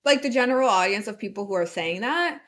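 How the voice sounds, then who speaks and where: Brief: female co-host, mid-pitched, sarcastic needling, swears freely. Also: expressive, fast talker, a bit bright. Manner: sarcastic, teasing, profane. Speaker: podcast co-host. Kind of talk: casual crude commentary.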